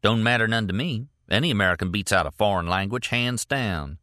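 Guy putting on a short texan in cowboy boots, deep drawl, curt and blunt, dry close sound. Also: animated, brisk, sharp tone, no echo. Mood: dismissive.

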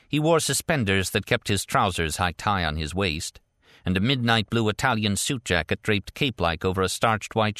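A man narrating a thriller audiobook in a measured, even way. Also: lowish voice, no room sound, clean studio sound. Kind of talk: scripted narration.

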